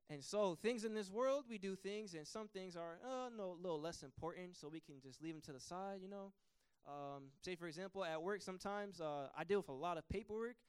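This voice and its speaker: Impassioned preacher man, high and clear. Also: dry recording, studio quality. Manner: impassioned, swelling to loud emphatic peaks. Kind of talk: sermon.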